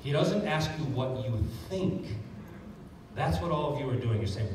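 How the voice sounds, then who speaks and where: A man giving a sales training talk to an audience, energetic and jokey, recorded from a distance in a large echoey hall. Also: mid-range voice, normal speed. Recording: echoey hall, distant mic, faint room noise.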